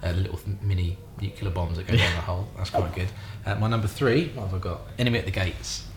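A man's voice: sits low, fast talker. A Scottish man co-hosting a podcast, chatting casually in a laid-back way, chuckling and trailing off mid-sentence. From Scotland. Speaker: podcast co-host. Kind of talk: casual chat. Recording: roomy echo, faint ambient noise.

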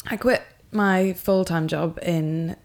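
A woman's voice: lowish voice, steady tone, takes it slowly, a little mellow. A woman comedian who is a guest on a podcast, chatting casually in a teasing way and laughing a lot.

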